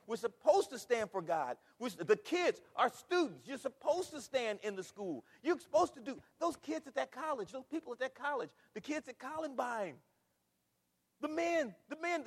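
Older man, pastor, animated sermon, high voice, long church reverb. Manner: animated preaching with rhetorical questions and repetition. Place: church sanctuary.

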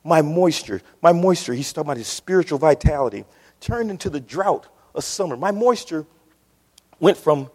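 Impassioned preacher, lively pitch. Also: male voice, moderate pace, breathy edge. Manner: impassioned, repetitive, calls out to the congregation. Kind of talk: sermon. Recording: reverberant church hall.

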